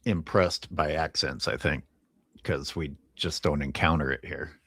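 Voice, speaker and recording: A man co-hosting a casual chat, soft-spoken and hesitant. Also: rumbling low, steady tone, measured pace, slightly rough, no room sound, clean studio sound.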